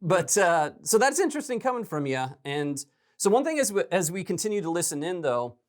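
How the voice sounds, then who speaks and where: A male podcast host talks through a recorded recruiting call in a relaxed, conversational way. He hedges often and keeps checking in with his guest. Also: high voice, a little fast. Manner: conversational, hedging with "right?" and "um". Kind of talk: podcast commentary.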